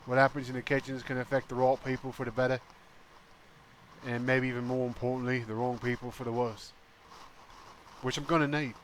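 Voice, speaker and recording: A man's voice: mid-range voice, flat delivery, brisk, long pauses, a little hiss or hum, natural voice. A man playing an earnest pleading pirate. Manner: pleading, heartfelt speech.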